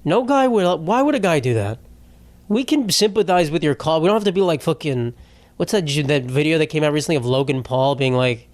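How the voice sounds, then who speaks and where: A man's voice: on the high side, expressive, fairly quick, a little mellow, no room sound. A man hosting a solo comedy podcast, telling rambling, profane, self-mocking stories in casual talk. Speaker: podcast host. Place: home setup.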